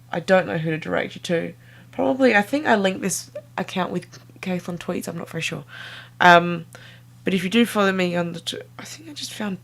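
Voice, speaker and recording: A young woman, rambling casually to camera in a playful, self-mocking way that jumps between tangents. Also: on the low side. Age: young adult. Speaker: vlogger.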